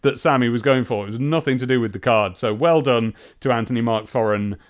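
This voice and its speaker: A man's voice: medium pitch, brisk. A man co-hosting a casual podcast chat, riffing with jokes. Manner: jokey, riffing. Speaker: podcast co-host.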